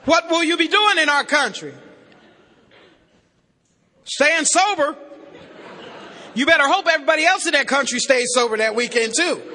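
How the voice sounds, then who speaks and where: Bright, high-voiced woman telling her story in a large hall. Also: animated, moderate pace, pauses often. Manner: folksy, self-mocking storyteller who addresses the crowd directly. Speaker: recovery meeting speaker. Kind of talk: humorous personal testimony to a crowd. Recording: long reverb of a large hall.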